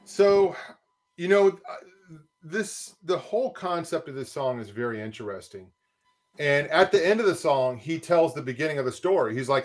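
A man's voice: on the high side, expressive, moderate pace. Chatty man co-hosting a podcast. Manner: rambling, filler-heavy. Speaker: podcast co-host. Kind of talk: casual reaction discussion.

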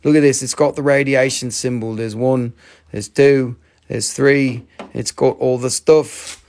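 A man's voice: mid-range voice, fairly even intonation, measured pace, darkish tone. A man hosting a live rock sales stream, joking and rambling in playful sales patter.

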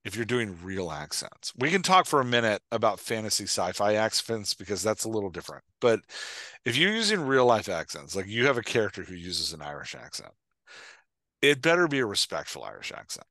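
A man co-hosting a podcast on writing, talking in a thoughtful, halting way with many restarts. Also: on the low side, sing-song, bright, forceful tone, no room sound. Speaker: podcast co-host. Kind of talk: casual chat.

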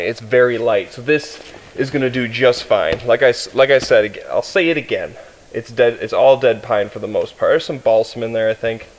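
An outdoor vlogger talks to camera in the winter woods, rambling casually, correcting himself and sounding a little out of breath. His voice is medium in pitch, and the recording quality is low.

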